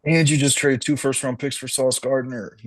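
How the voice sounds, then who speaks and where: A man's voice: medium pitch, fairly even intonation, normal speed, dry recording. A man co-hosting a sports podcast, talking football in a laid-back, wry way. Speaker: podcast co-host. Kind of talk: casual sports chat.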